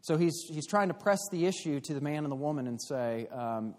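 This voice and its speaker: A man teaching a church class in an explanatory way, pausing and restarting often. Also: mid-range voice, a little mellow. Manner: explanatory, with frequent fillers and restarts. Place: church hall. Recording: long hall reverb.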